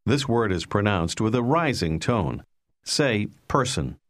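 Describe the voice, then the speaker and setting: Patient low-voiced male lesson narrator. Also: unhurried. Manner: calm, patient, prompting the listener. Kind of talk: scripted instructional narration.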